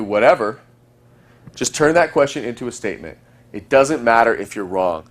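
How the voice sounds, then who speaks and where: A man in the middle of his range, teaching in a fast, chatty flow. He coaches listeners on dating and slips into playful example lines. His delivery is conversational, like a recorded lesson. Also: medium pitch, animated.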